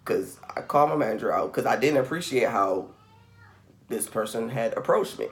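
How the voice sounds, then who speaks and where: Thirty-something guy vlogging from home, rambly, says like a ton, mid pitch. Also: animated, moderate pace. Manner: rambling, says "like" constantly, acts out quoted voices. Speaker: spiritual reading channel host. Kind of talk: casual talk to camera.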